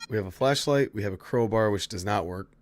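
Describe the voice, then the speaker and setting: A man's voice: lowish voice, fast talker, dry recording. A man casually chatting to his viewers while playing a horror game, swearing freely and answering chat. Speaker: streamer. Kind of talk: casual gameplay commentary.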